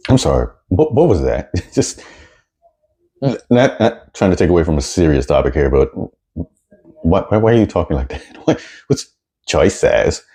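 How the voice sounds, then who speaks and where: A man's voice: low voice, big pitch swings, moderate pace, long pauses, warm tone, slightly rough. A man giving blunt, sarcastic commentary while reacting to news clips, often repeating words as he gets going.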